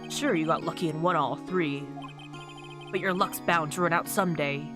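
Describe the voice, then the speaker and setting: A woman voicing a proud, cold young male prosecutor from a game, dropping into a low, clipped, disdainful delivery. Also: moderate pace, music in the background, lightly acted. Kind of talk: reading game dialogue aloud.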